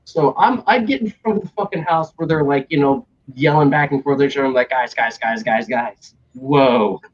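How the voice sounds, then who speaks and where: Speaking quickly in a slightly high voice, a young man hosting a stream recounts a story in relaxed conversation. He performs other people's dialogue and swears freely, all captured in dull, lo-fi audio.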